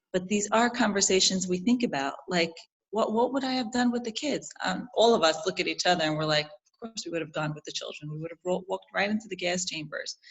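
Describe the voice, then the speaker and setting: A woman with a New York accent, a jewelry designer from Brooklyn, talking as a guest in a casual interview and telling family stories in an animated way. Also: lowish voice, rough recording. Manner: animated storytelling, frequent restarts.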